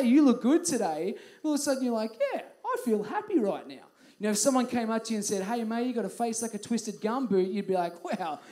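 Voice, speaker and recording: A man's voice: high voice, a little mellow. A young man with an Australian accent giving a chatty, storytelling youth group talk as youth pastor in a youth hall.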